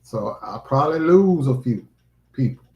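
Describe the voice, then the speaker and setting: Man, earnest vlogger, emphatic and preachy, mid-pitched, roomy echo. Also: animated, normal speed, lo-fi sound. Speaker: livestreaming vlogger. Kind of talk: casual heartfelt livestream talk.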